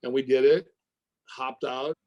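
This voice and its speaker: A middle-aged man, an actor being interviewed, who tells an animated story and acts out phone calls with swearing and loud outbursts. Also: medium pitch, unhurried, dull audio.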